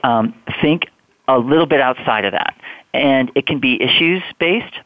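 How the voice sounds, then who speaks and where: A man's voice: medium pitch, measured pace, slight background noise. Male guest advisor on a phone line; easygoing, filler-heavy advice. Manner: relaxed, explanatory, many fillers. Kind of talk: conversational advice. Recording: tinny phone line, dry.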